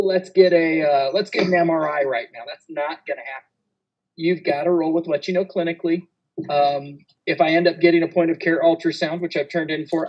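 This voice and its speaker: A man with a husky, slightly breathy voice pitched a little high speaks as a panelist at a medical conference. He tells stories with an easy, laughing delivery and quick asides. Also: a little mellow, muffled recording. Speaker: panelist physician.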